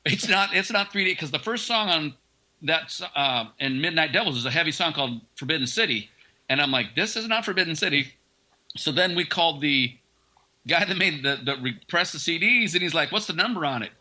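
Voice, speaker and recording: A man, a rock band member, telling a funny story in an interview, animated and acting out what people said. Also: a little high.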